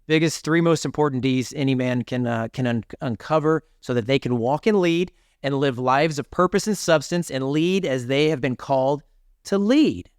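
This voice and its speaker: A man's voice: mid-range voice, normal speed, darkish tone, clean tone, no echo. Man, 40s, podcast guest; emphatic and preachy, mid-range voice, dry close mic. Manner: emphatic, preachy, casual "dude" and "brother". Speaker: podcast guest, author and speaker. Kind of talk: energetic storytelling in an interview.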